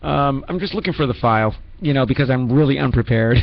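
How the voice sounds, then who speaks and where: A man's voice: mid-range voice, quick pace, creaky, lo-fi sound. A man hosting a radio show in a rambling, self-mocking comedic manner, full of restarts and asides. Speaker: radio host.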